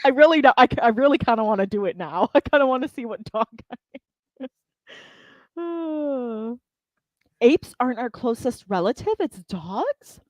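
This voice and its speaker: A woman's voice: on the high side, measured pace, dry recording. Giggly woman hosting a livestream. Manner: giggly, animated, laughs often. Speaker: livestream host. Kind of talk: casual livestream chat.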